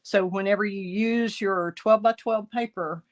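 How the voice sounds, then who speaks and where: A middle-aged woman, raspy from bronchitis, chatting through a card-making tutorial as she works. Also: mid-range voice, fairly even intonation, normal speed. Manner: chatty, thinking aloud while working. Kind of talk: casual craft tutorial.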